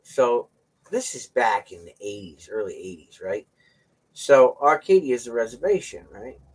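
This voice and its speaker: A man's voice: mid-range voice, expressive, normal speed, breathy edge. An older man on a talk show, telling a rambling story with frequent laughs. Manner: rambling, laughs often, acts out voices in quotes. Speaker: show guest telling stories. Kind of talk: casual storytelling. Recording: voice a bit far from the mic.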